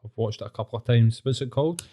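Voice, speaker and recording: A Scottish man with a Glaswegian accent co-hosts a loose podcast chat, blunt and quick to swear. His voice is mid-pitched and dark, with a mellow, relaxed tone. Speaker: podcast co-host. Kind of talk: casual chat.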